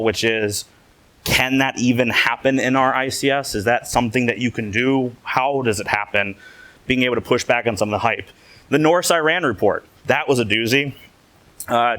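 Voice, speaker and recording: A man's voice: mid-range voice, fairly bright tone. A man giving a conference talk in a casual, joking way, telling stories with animation. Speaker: conference speaker.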